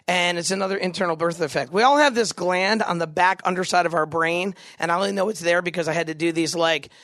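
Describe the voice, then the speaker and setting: A man in his forties telling a comedic story to a live audience, animated and jokey, putting questions to the crowd. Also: high voice, fast, no room sound. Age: 40s. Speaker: camp speaker.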